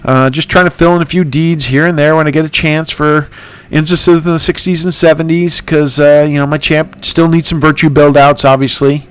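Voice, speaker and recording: A man hosting a casual gaming podcast rambles and pokes fun at himself, using lots of "uh"s. His slightly high voice is level and clear with a resonant tone, at a moderate pace.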